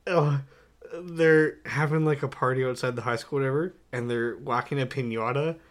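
A young man co-hosts a laid-back movie podcast. He reads through his notes with plenty of "uh"s and laughs often. He turns lively and excited when something strikes him. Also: medium pitch, moderate pace. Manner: animated, laughs often, lists notes with many "uh"s. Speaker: podcast co-host. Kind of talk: casual movie-review chat.

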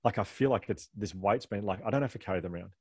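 A fast, rambling man with a somewhat low voice, laughing at himself as he talks. The sound is dry and close, with no room echo. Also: slightly rough. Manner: fast, rambling, self-deprecating, laughing often. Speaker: guest author. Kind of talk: candid conversational storytelling.

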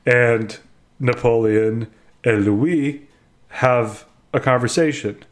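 Man, casual podcast co-host, rambling, exasperated, conversational. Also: mid-range voice. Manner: exasperated, rambling, quick laughs. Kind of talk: casual chat reviewing a video game.

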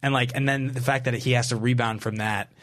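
A man's voice: medium pitch, fairly even intonation, fairly quick, a bit bright. A man co-hosting a podcast in casual chat, rambling along with lots of "like" fillers. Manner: rambling, heavy use of "like". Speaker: podcast co-host.

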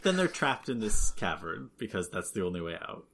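A man's voice: on the low side, very animated, moderate pace, fairly bright tone. A man co-hosting a podcast, chatting casually about a book and chiming in with wry quips. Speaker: podcast co-host. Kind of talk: casual book-club chat.

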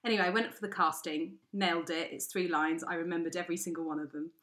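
A middle-aged woman co-hosting a casual chat, telling a story with lively, exasperated delivery and acting out the other people in it. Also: lowish voice, fast. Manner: animated, acts out quoted voices, exasperated. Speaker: podcast co-host.

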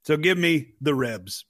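Man, fairly high voice, bright and forceful, teasing podcast co-host. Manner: teasing, rambling. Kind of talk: casual sports chat.

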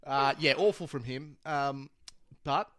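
An Australian man riffing bluntly with his co-hosts in a casual podcast chat. His voice sits at a mid pitch and sounds dry and close. He jokes and swears freely. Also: a little slow, a bit bright, dry recording. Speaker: podcast co-host.

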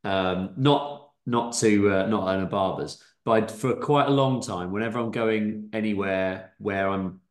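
Low-voiced man in an echoey room. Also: measured pace, few pauses. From England. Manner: dry quips, chuckling. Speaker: podcast co-host. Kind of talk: casual chat.

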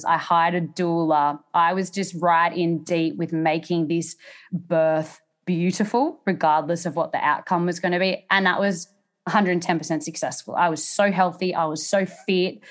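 An Australian woman, a podcast guest, candidly telling her story and acting out what others said. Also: fairly low pitch. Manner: animated, acts out quotes in raised voice.

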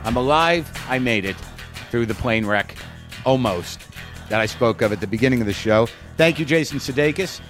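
Man, podcast host, hotel room, rambling sign-off, average pitch, faint music behind. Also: animated, normal speed, fairly bright tone. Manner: chatty, rambling plugs, self-deprecating. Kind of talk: show outro.

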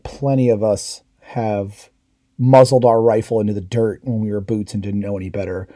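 A middle-aged man with a very dark, mellow voice tells old service stories in a loose, candid way. He swears freely and acts out his comrades' shouted lines. The sound is dry and close. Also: on the low side, no room sound. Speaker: podcast host, veteran. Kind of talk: casual storytelling.

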